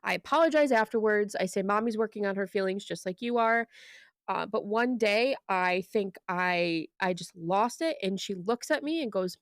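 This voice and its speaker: A woman's voice: mid-range voice, moderate pace, dry recording, studio quality. A young mother co-hosting a podcast, talking candidly and earnestly about parenting. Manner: candid and earnest, with frequent restarts. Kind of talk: casual chat.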